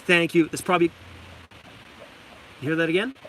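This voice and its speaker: A Canadian vlogger hosts a live stream from inside his parked van, chatting casually and enthusiastically, laughing often and reading chat names aloud. His voice is on the high side and a bit bright, with fairly even intonation and a moderate pace, plus slight background noise.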